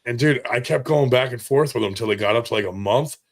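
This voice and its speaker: A man's voice: mid-range voice, quick pace. Casting: man, casual storyteller, swears constantly, laughs through his own stories, loose and rambling.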